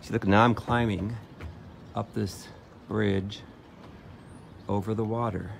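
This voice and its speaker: A man giving a casual walking tour by a lake in a playful, chatty way, pausing often with "uh". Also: fairly low pitch, little pitch movement, vocal fry. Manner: playful, chatty, with frequent "uh" pauses. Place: outdoors by a lake. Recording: outdoor background noise.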